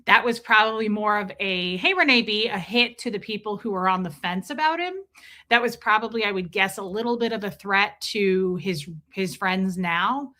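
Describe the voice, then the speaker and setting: A woman's voice: mid-range voice, normal speed, pushed and bright. A middle-aged woman hosting a casual livestream, talking emphatically, repeating herself and breaking off to greet viewers in chat. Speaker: livestream host reading chat.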